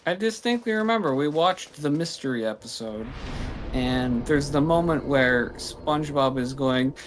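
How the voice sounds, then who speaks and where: A man's voice: mid-range voice, normal speed, slight background noise. A man chatting casually beside a gameplay session, rambling through childhood stories. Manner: rambling storyteller. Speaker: co-host. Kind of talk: casual chat.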